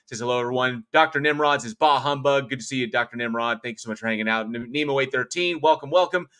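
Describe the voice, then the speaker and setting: Male livestream host, bright ringing tone, chatty and thankful, casual swearing. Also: medium pitch, fast talker. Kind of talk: casual livestream chat, reading out viewer comments.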